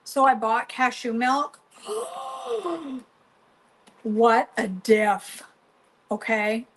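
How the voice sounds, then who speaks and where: A woman's voice: fairly high pitch, fairly even intonation, slow, fairly bright tone, low-quality recording. A middle-aged woman chatting casually while cooking in her home kitchen, teasing viewers by name. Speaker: cooking vlogger.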